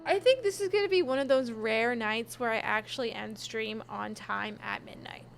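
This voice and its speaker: Young woman game streamer, high voice, tired and chatty, giggles a lot. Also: moderate pace, creaky, a bit bright, a little hiss or hum. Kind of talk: casual live-stream chat.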